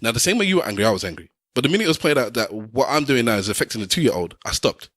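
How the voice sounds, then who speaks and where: Middle-aged guy on a podcast, lecturing, repeats himself, lively up-and-down voice. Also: medium pitch, very fast, dry recording, studio quality. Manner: insistent, lecturing, repeats points. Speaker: podcast co-host. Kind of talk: heated personal argument.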